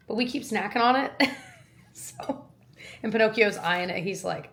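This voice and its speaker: A woman's voice: mid-range voice, fairly bright tone, a little hiss or hum. A woman vlogging casually and cheerfully about her run, her dog and making dinner. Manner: cheerful, chatty, quick asides. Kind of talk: casual vlog chat.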